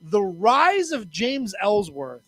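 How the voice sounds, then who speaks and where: A man's voice: high voice, big pitch swings, takes it slowly, fairly bright tone, no echo. A man co-hosting a podcast, reacting with disbelief in casual chat. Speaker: podcast co-host.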